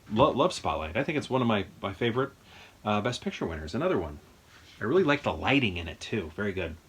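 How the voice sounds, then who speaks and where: A man in a home movie room, chatting casually and enthusiastically, thinking aloud as he rambles through his collection. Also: mid-range voice. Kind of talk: casual chat.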